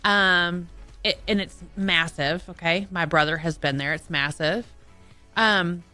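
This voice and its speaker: A woman's voice: fairly low pitch, bright, forceful tone, faint music behind. A woman from Texas co-hosting a Saturday morning radio show in a studio, talking in a playful, easygoing way. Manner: slow, playful. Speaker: radio co-host. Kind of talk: casual radio chat.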